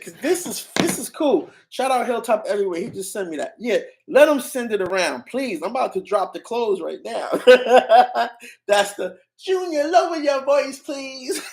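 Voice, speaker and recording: A man's voice: high voice, creaky. A young man streaming, giving casual rambling commentary on clips in slang and often restarting his sentences.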